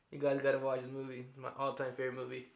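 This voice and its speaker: A man's voice: medium pitch, monotone, fast talker, gravelly, dull audio, slight background noise. A man in his thirties vlogging candidly to camera, open and reflective, often laughing and using fillers. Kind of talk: candid personal vlog talk.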